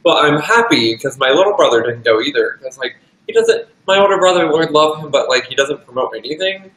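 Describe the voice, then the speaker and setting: A man's voice: fairly high pitch, lively intonation, fairly quick, fairly bright tone, reverberant, rough recording. A young man co-hosting a casual livestream from home, rambling about family. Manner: chatty, rambling with fillers. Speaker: livestream co-host.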